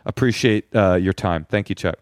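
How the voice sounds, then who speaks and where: A man's voice: deep voice, moderate pace, no room sound, studio quality. A man in his forties co-hosting a podcast, chatting casually and joking, rambling with many fillers and restarts. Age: 40s. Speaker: podcast co-host. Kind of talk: casual chat.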